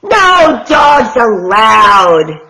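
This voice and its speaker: A woman voicing a grumpy, prickly male cactus who snaps and yells at visitors in a picture book read-aloud. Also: a little high, animated, slow pace, voice pushed up, poor audio. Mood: yelling, grumpy. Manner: gruff, yelling and snapping.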